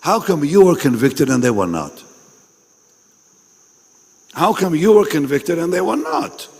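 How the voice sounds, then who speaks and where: Slow, animated preacher in a reverberant hall. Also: male voice, fairly high pitch, slightly rough. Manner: emphatic, repeats phrases, questions the audience directly. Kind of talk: sermon at a pastors' meeting. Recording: long reverb in a large hall.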